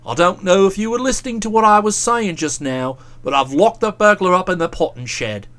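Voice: medium pitch, expressive, a little fast, a bit bright, pitched below the performer's own voice, close to an everyday voice. A reader voicing a self-satisfied young man who talks in a breezy, pompous way. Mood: smug, breezy. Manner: breezy, pompous, pleased with himself. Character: self-satisfied young male writer, jaunty.

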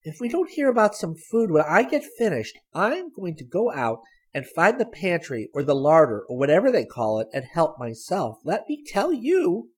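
A man voicing a practical, spunky young woman who talks in a lively, decisive, matter-of-fact way. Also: sits high, a little fast, few pauses, voice pushed up. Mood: brisk.

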